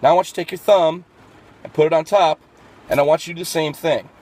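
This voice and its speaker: Guy with a slightly high voice doing a fitness vlog outside, lots of uh and um and restarts, cars going by. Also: fairly even intonation, fast, darkish tone. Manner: explains step by step with frequent fillers and restarts. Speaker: fitness vlogger.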